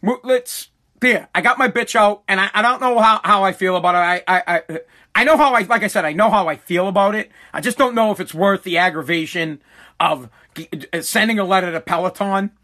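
Middle-aged man, high bright voice, blunt profane ranting host. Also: brisk. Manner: profane, blunt, rambling storyteller. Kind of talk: ranting comedic monologue.

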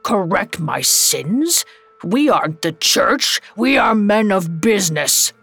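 A woman's voice: medium pitch, sing-song, slow pace, a bit bright, breathy edge, soft background music, heavily acted. A woman voicing a miserly old businessman who scoffs at the supernatural and defends his business ways. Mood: defensive.

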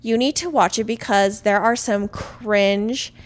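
A woman's voice: mid-range voice, measured pace. A woman in her twenties co-hosting a podcast, chatting in a bubbly, enthusiastic way with plenty of slang. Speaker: podcast co-host. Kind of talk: casual chat.

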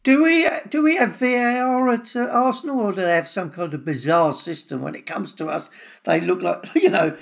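Husky, wry English man. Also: high voice, a little fast. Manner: wry, joking asides. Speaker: podcast co-host. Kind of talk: casual chat.

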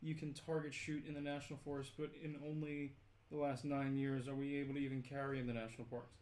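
A man's voice: medium pitch, little pitch movement, fast, a little mellow. A young man co-hosting a livestream, casually reading out viewer messages with a few fillers. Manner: reads viewer messages aloud, easygoing, fillers. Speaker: podcast co-host reading donations.

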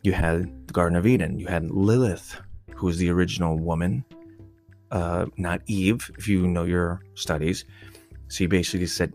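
A man's voice: low-pitched, fairly even intonation, normal speed, darkish tone, faint music behind. A man talking in a rambling, profane, irreverent off-the-cuff monologue. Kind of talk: casual unscripted monologue.

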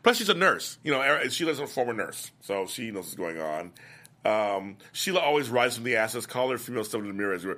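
Older male host, bright, forceful voice, chatty recap, acts out lines. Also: medium pitch, fairly quick. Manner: chatty, animated, laughs often, acts out lines. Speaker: host of a soap opera after-show. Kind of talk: casual recap chat reading viewer comments.

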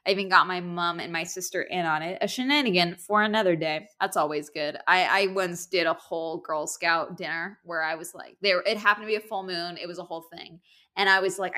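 A woman's voice: on the low side, brisk. A young woman hosting a podcast, chatting casually and reading listener emails with frequent giggles. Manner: giggly, animated and self-deprecating. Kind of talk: casual chat.

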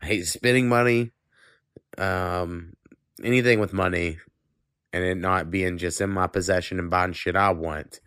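A man's voice: deep voice, fairly even intonation, a little slow, a bit bright, smooth, no room sound, clean studio sound. A man hosting a podcast, talking in casual chat, rambling and swearing freely while congested with a cold. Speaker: podcast host.

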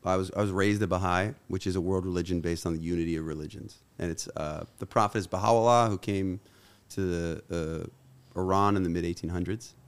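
A man's voice: low-pitched, steady tone, a little fast, clear, resonant tone. A man reciting an earnest spoken-word poem and then talking openly and heartfelt in a casual podcast chat. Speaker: guest musician.

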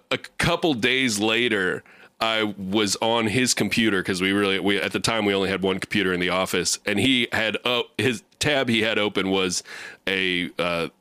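Lively, bright-voiced middle-aged man rambling. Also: on the low side, dry recording. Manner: rambling storyteller with many restarts. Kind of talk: casual comedic chat.

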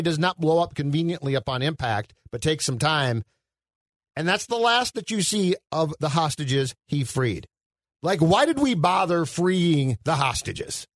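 A man's voice: a little high, animated, normal speed, a bit bright, no room sound. Sarcastic man nitpicking a film. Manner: sarcastic nitpicking, stammering restarts. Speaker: podcast co-host. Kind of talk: casual movie review chat.

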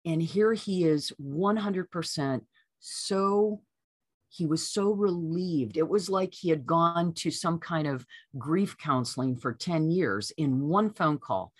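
Lively woman telling a personal story. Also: low voice, takes it slowly, breathy edge, no echo, studio quality. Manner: lively storyteller who acts out quoted voices. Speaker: author guest.

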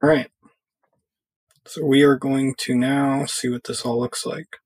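Slow husky man walking through a tutorial. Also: medium pitch, no echo. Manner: relaxed thinking aloud with fillers while clicking through software. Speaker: software tutorial presenter. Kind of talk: casual screen-recorded coding tutorial.

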